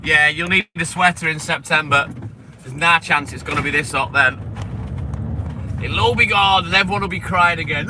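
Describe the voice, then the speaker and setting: A joking milkman talks straight to his viewers, blunt and full of swearing. His voice sits fairly high. Street and vehicle noise comes through clearly behind him. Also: moderate pace. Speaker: livestreaming milkman. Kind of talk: casual chat with live viewers. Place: outdoors on delivery rounds.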